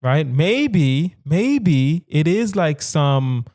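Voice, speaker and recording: This solo comedic monologue comes from a young man who hosts his own comedy podcast, spinning out hypothetical dilemmas and speaking directly to listeners with mock-serious asides. He talks very slowly in a fairly high, sing-song voice with a darkish tone, and the studio recording is clean with no room sound.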